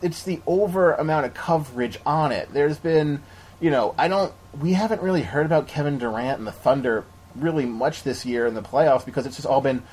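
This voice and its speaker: A man's voice: medium pitch, darkish tone, slightly rough. A man co-hosting a podcast, chatting casually and opinionated about basketball, rambling with frequent restarts. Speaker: podcast co-host. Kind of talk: casual sports chat.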